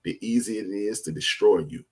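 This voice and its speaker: A middle-aged man co-hosting a podcast, telling stories in casual slang and growing animated when he makes a point. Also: fairly low pitch, fairly quick. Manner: laid-back storytelling with slang, animated when making a point. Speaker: podcast co-host. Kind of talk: casual chat.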